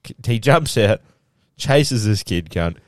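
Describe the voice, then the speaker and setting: A young Australian man with a very low voice tells stories in a loose podcast chat. He is animated and swears constantly. The sound is dry and close. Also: slow, no echo. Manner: animated storytelling, heavy swearing. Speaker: podcast co-host. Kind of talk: casual chat.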